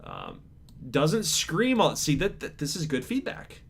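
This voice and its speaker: A man hosting his channel, reading out viewer survey answers in a laid-back, chill way, calling his own voice monotone and chuckling now and then. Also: a little high, unhurried, gravelly, husky. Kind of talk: casual chat to camera.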